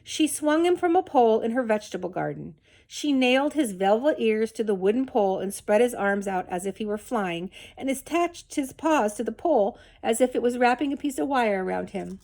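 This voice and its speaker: A woman reading a children's novel aloud in a measured, expressive storytelling manner. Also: a little high, gravelly. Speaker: reader.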